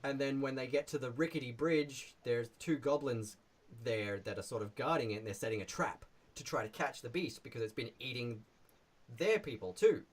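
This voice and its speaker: A man casually presenting his tabletop adventure on a live stream in a relaxed, rambling way. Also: mid-range voice, normal speed.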